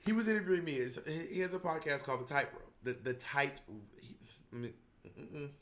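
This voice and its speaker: A man co-hosting a podcast in casual chat, animated and laughing, often acting out voices. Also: on the high side, a little fast. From not from New York. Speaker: podcast co-host.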